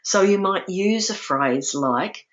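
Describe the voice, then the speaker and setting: A woman presenting a mentoring webinar in a calm, instructive manner, demonstrating example phrases in a gentle tone. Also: mid-range voice, slow, lo-fi sound. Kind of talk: lecture-style webinar.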